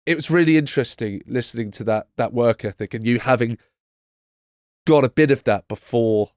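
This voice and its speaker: A man hosts a casual podcast chat, eager and enthusiastic as he talks with his guest. His mid-pitched voice sounds dry and close on the mic. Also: moderate pace, darkish tone, clear, resonant tone, no room sound. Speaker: podcast host.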